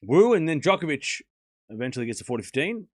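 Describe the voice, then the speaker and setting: A man's voice: fairly high pitch, big pitch swings, quick pace, no room sound, clean studio sound. A man hosting a live tennis watchalong stream, giving casual commentary and chatting to his viewers, sliding into rants with swearing and sarcasm.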